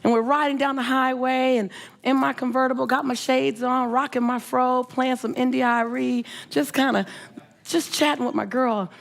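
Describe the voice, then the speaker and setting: A middle-aged woman, a motivational speaker, telling an emotional personal story with animated, emphatic delivery and repeated phrases. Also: sits high, moderate pace, vocal fry.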